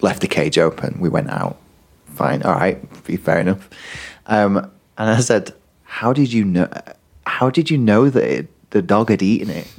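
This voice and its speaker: A man with a lowish voice co-hosting a relaxed podcast. He tells stories in a dry, understated way and quotes other people's lines as he goes. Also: moderate pace, creaky. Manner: dry storytelling, acts out a child's lines. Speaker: podcast co-host, primary school teacher. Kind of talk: casual chat.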